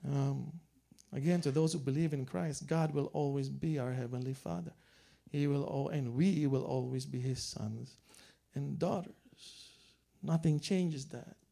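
A man's voice: medium pitch, measured pace, vocal fry, warm tone. A man preaching a sermon as a pastor, telling family stories in a joking, chuckling way. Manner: joking storyteller, chuckles often.

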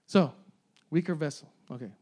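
A man's voice: fairly high pitch, normal speed, darkish tone, breathy edge. A man in his forties preaching a sermon, often repeating phrases, asking the congregation "amen?" and "right?", and laughing along. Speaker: pastor.

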